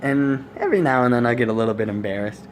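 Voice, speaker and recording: A young man vlogging in a casual, rambling way, cracking crude jokes and laughing at his own stories. His voice sits at an ordinary middle pitch. A faint hiss runs under the camera-mic sound. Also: quick pace. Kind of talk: casual storytelling vlog.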